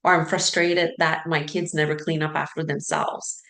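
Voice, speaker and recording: A woman with a low, gravelly voice coaches in a relaxed, chatty way and acts out anxious inner thoughts with plenty of "like" and "right?". She sounds like she is in a roomy space with an echo. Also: normal speed. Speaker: sleep coach. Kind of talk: casual teaching talk.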